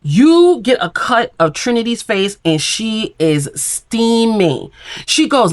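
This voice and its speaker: A woman's voice: a little high, big pitch swings, takes it slowly. A woman hosting a reality TV recap, retelling scenes in a casual, opinionated way and acting out the quoted lines.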